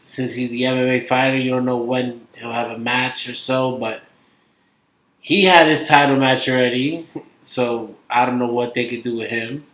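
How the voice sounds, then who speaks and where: Man, brooklyn accent, rambling, hesitant, mid-pitched, echoey room. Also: steady tone, moderate pace, a bit bright. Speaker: podcast co-host. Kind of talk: casual chat.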